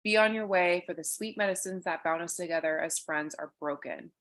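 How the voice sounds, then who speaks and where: A woman's voice: on the low side, a little fast, fairly bright tone, close to an everyday voice. A woman voicing a hurt, stern female witch in a read-aloud fable, speaking solemnly. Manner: solemn, grave.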